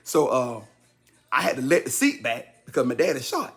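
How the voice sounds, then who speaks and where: A man in his fifties telling a personal story casually to his listeners, repeating himself for effect and jumping high and loud whenever he acts out what someone said. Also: normal speed. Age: 50s. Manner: animated, leaps high and loud when acting out quotes; talks straight to the audience, repeating himself.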